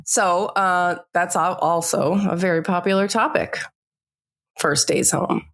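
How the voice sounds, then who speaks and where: Chatty woman podcast co-host, lowish voice. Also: a little slow, a bit bright. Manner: chatty, laughs at own slips. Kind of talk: casual podcast chat.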